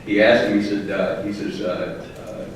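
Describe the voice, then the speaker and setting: A man tells roast jokes to a crowd, stumbling through fillers and restarts as he builds each punchline. He sounds far from the mic in a very echoey hall, with a steady hiss under the recording. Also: lowish voice. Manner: halting delivery with many fillers and restarts. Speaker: roast speaker. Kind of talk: stand-up roast storytelling. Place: large hall with live audience.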